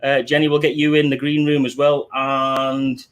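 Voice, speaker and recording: A man's voice: medium pitch, flat delivery, moderate pace, smooth. A middle-aged man with a Liverpool accent hosts a live stream in a casual, chatty way, greeting viewers one by one as mate and buddy into a desk microphone. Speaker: livestream host.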